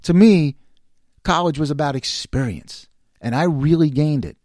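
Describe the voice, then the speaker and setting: With studio-quality sound and no room echo, a middle-aged vlogger from New York tells an exasperated story in a casual rant, performing the other people's parts himself. His voice is on the high side with a darkish tone, at a moderate pace.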